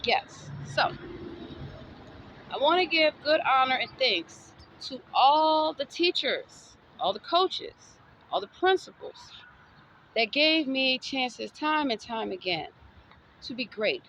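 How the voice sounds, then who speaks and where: A woman's voice: high-pitched, animated, slow pace, a bit bright, lo-fi sound, slight background noise. Sassy woman. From Southern United States. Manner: sassy, defiant, preachy. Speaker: vlogger. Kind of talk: motivational monologue.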